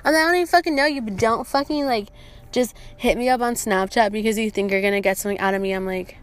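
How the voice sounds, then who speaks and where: A woman in her twenties hosting a podcast, telling stories in casual, profane, animated chat with quoted back-and-forth. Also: medium pitch, fast. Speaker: podcast host.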